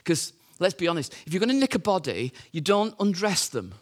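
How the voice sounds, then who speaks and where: A man's voice: high voice, big pitch swings, fairly quick. A man preaching a sermon, telling the story in a conversational way with rhetorical questions and fillers.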